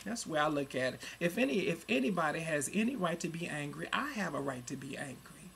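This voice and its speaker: A gravelly, creaky-voiced person in their forties rants into a home computer mic, cursing hard. The voice jumps from heated shouting down to low, grumbling asides, and there is faint noise underneath. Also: big pitch swings, a little fast. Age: 40s. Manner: profane and heated, swinging between loud outbursts and low muttering. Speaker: vlogger. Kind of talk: angry webcam rant.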